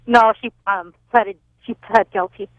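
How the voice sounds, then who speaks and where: A young woman in her twenties calls in to a radio show, talking in a rambling, hesitant way. Her medium-pitched voice is steady and a little slow, coming over a tinny phone line with no room sound.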